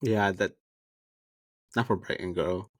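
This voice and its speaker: A man co-hosting a casual podcast chat in a lowish voice, heard up close with a dry, deadened sound. He gives blunt, frank opinions and swears freely. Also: takes it slowly, no room sound. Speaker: podcast co-host.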